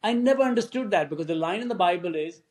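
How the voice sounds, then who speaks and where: A man, a film director, telling lively stories in a podcast interview and acting out what other people said. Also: high-pitched, fast talker. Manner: animated anecdotes, acts out quoted voices.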